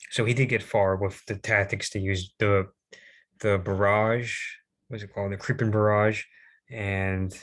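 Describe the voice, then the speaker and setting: A fairly low-voiced young man talks through a history presentation in a loose, informal way. He rambles and hesitates, fills gaps with "um," and restarts his sentences. Now and then he drops a self-deprecating aside.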